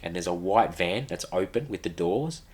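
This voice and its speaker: A man's voice: low-pitched, animated, moderate pace, darkish tone, breathy edge. A man in a podcast interview, earnestly retelling a personal story with vivid acted-out quotes. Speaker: podcast guest.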